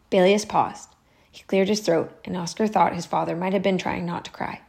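A woman narrating a storybook aloud in a measured, expressive way. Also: lowish voice, vocal fry.

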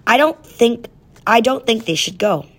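A woman's voice: a little high, animated, unhurried, a bit bright, voice pushed up. A woman voicing a nervous, eager young boy in a storybook reading.

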